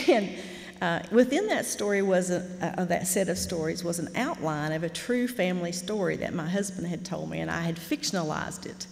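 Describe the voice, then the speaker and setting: A woman's voice: on the low side, normal speed, creaky, slight background noise. Folksy woman in a reverberant hall. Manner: folksy, animated, candid storyteller. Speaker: writer teaching a fiction master class. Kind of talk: storytelling lecture.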